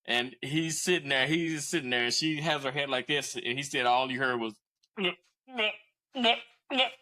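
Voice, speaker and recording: A man's voice: medium pitch, steady tone, a little fast, sharp tone, rough recording. A man in his forties casually telling a profane story as a podcast co-host, often laughing.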